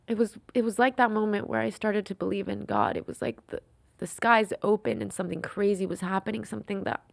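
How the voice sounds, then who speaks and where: A woman's voice: medium pitch, vocal fry, no echo. A woman in her thirties, a film writer and director, speaking earnestly as a podcast guest about her family and recovery, her voice dropping to near whispers at tender moments. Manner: earnest, emotional storytelling, softening to near whispers. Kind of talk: candid podcast interview.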